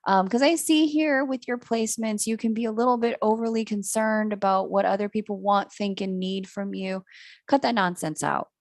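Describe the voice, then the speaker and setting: A woman's voice: medium pitch, moderate pace, no room sound, studio quality. A woman giving a live-streamed astrology reading, candid and self-mocking, who laughs often and swears casually. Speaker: astrology reader.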